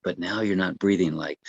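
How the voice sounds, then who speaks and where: A man, a breathwork coach, explaining the practice in a gentle, unhurried way with many fillers and restarts. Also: low-pitched, no room sound, dull audio. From United States. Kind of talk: casual explanatory talk.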